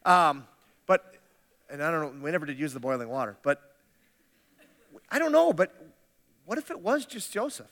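A man preaches with a bright, forceful voice pitched a little high. He keeps it conversational and joking, tripping over restarts, and his words ring out with a long hall reverb. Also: sing-song, normal speed, long pauses. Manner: conversational, humorous, with frequent restarts. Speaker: pastor. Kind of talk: sermon.

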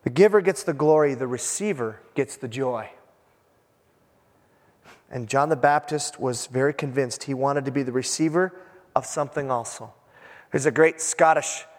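A man preaching a sermon in a lively, animated way, acting out quotes and breaking into asides. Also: medium pitch. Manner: animated, acts out quotes, self-interrupting asides. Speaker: pastor. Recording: long reverb of a large hall.

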